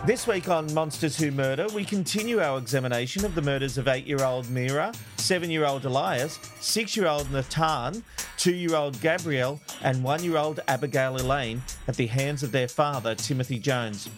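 A man's voice: mid-range voice, moderate pace, soft background music. A man hosting a podcast, moving between easygoing chat and scripted narration. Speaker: podcast host.

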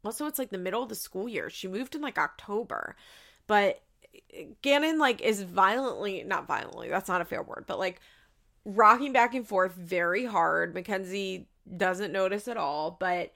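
A woman's voice: medium pitch, animated, normal speed, vocal fry, sharp tone. A woman recapping a reality show in a casual, sarcastic, rambling way, swearing and filling her talk with "like.".

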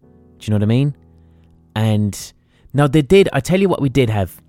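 A man's voice: medium pitch, expressive, moderate pace, mellow, soft background music. A man with an Irish accent, likely in his thirties, telling a sweary comic story as a podcast host and animatedly acting out his mother. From Ireland.

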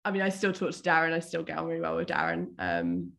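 A woman guest joins a relaxed football talk with a fairly low voice. She is cheerful and laughs easily, and she answers tricky questions diplomatically. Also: fast, vocal fry. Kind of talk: casual football chat.

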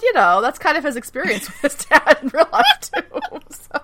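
Woman co-host, fairly high, bright voice, animated and loose, breaks into laughs, swears freely. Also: moderate pace. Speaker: podcast co-host. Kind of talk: casual recap chat.

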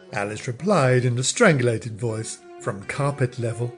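A man reading a comic story as narrator, dry and measured. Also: mid-range voice, soft background music.

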